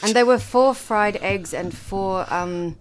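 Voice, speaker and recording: A woman producing a radio show, answering the host in a dry, deadpan way. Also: mid-range voice, takes it slowly, slight background noise.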